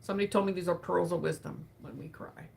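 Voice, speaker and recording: A woman hosting a live session, speaking in a soft, emotional way with sighs and pauses while tearful. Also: on the low side, fairly even intonation, creaky. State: tearful, grieving. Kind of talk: reflective live talk.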